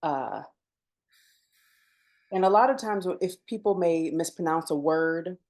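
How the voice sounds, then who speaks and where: A woman with a fairly low voice co-hosts a casual podcast. She talks things through unhurriedly and thoughtfully, with laughing asides along the way. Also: slow pace, a little mellow. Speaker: podcast co-host. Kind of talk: casual chat.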